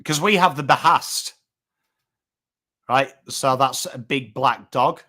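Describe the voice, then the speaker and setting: A man's voice: mid-range voice, slow pace, pushed and bright. A man in his thirties with a northern English accent, hosting a live footy watchalong and chatting casually with viewers. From England. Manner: chatty, rambling, swears casually, reads chat names. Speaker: watchalong host. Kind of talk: casual live-stream chat.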